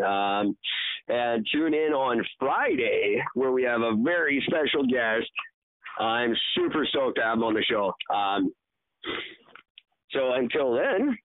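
Male podcast co-host, casual and rambling, lively pitch, tinny phone-quality audio. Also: no room sound. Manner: loose and rambling, laughs often. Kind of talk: casual chat.

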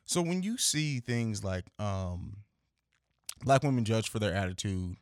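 A man's voice: on the low side, lively intonation, measured pace, no echo, clean studio sound. A man hosting a podcast, asking loose, searching questions in a casual interview. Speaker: podcast host.

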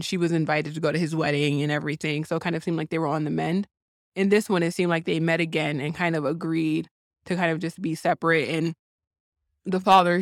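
A woman talking casually about a film, thinking out loud with lots of restarts and hedging. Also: lowish voice, dry recording, clean studio sound. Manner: thoughtful, rambling, many restarts.

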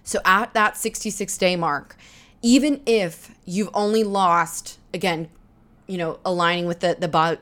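A woman's voice: on the low side, fairly bright tone. A young woman in her twenties hosting a solo podcast, talking earnestly and encouragingly, straight to the listener about changing your mindset. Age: 20s. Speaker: podcast host. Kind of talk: solo motivational podcast talk.

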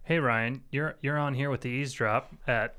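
A man's voice: mid-range voice, steady tone, normal speed, sharp tone, smooth. A man in his thirties hosting a podcast, talking loosely with friends, laughing often and restarting his sentences. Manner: laid-back, laughs often, stumbling restarts. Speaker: podcast host. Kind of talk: casual chat.

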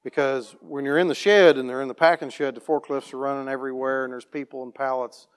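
A plain-spoken man tells a church testimony story as a farm operator, restarting his sentences and clearing his throat often. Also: mid-range voice, steady tone, fast talker.

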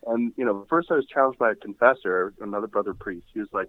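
A man's voice: fairly low pitch, quick pace, hardly any pauses, dry recording. A man from Ireland who is a priest, chatting casually on a podcast with loose, filler-heavy talk. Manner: loose and conversational, heavy on "like" and "you know". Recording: tinny phone-like sound.

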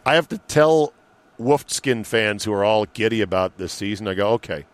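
A man hosting a sports talk podcast in a loose, joking way. His pitch swings widely as he riffs and does quick voices. He swears casually and keeps the back-and-forth rolling. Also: animated. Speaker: podcast host.

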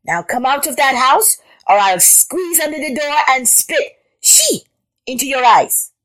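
A woman voicing a clever female frog who shouts a loud threatening bluff in a storybook reading. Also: sits high, lively intonation, a little slow, pitched above the performer's own voice. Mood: menacing.

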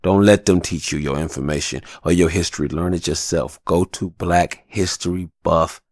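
Deep-voiced man ranting on his podcast. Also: steady tone, moderate pace, no echo, clean studio sound. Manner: passionate, profane rant with slang. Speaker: podcast host. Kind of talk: solo podcast monologue.

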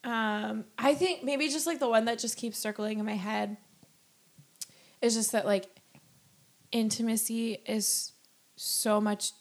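A woman's voice: fairly high pitch, fairly even intonation, unhurried. Giggly young woman telling a story. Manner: giggly storyteller, lots of fillers. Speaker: podcast co-host. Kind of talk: casual chat.

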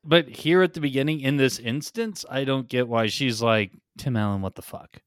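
A man's voice: medium pitch, normal speed, no room sound, clean studio sound. A man co-hosting a podcast, chatting casually with joking, swearing asides. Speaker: podcast co-host. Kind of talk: casual comedic chat.

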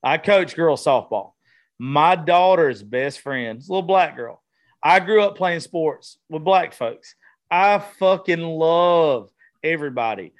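Southern man host, slightly high voice, loose and profane, rambling conversational delivery. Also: expressive, takes it slowly. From American South. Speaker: podcast host, comedian. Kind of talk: casual profane chat. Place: studio room with vintage decor.

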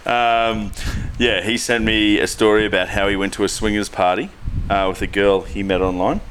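Low-voiced crude man. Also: fairly even intonation, moderate pace, fairly bright tone, a little hiss or hum. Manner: crude, joking, swears a lot. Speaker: podcast co-host. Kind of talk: casual chat, reading joke news.

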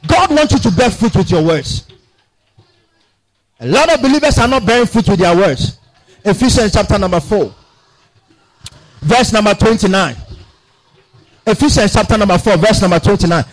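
Man, pastor, fervent sermon, very high pitch, lively melody, church. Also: normal speed, pauses often, rough recording. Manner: fervent preaching, swinging from shouted declarations to low asides. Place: church sanctuary.

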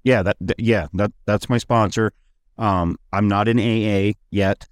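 A man's voice: on the low side, steady tone, measured pace, smooth, dry recording, studio quality. A man hosting a podcast, telling loose, profane stories in casual chat. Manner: rambling, profane storytelling. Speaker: podcast host.

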